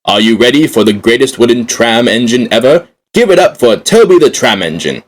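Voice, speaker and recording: A man's voice: medium pitch, very animated, fairly quick. A man hosting a scripted fan talk show with an upbeat announcer manner.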